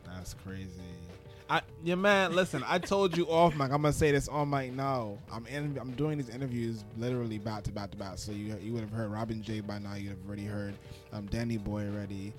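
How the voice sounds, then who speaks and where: A man's voice: on the low side, a little fast, over music. A man hosting a hip-hop interview podcast, laid-back and chatty. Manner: laid-back, lots of backchannel. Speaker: host.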